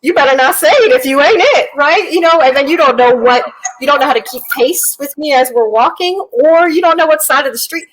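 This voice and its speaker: A woman's voice: high voice, expressive, a little fast, low-quality recording. A woman and military veteran chatting casually on a podcast, telling stories bluntly and animatedly with Southern slang.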